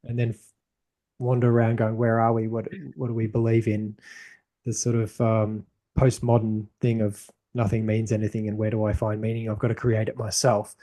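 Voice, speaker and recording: A man's voice: lowish voice, completely flat delivery, moderate pace, dark tone. A man hosting a podcast conversation, talking thoughtfully in a loose, rambling way with frequent restarts. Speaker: podcast host. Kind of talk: casual conversation.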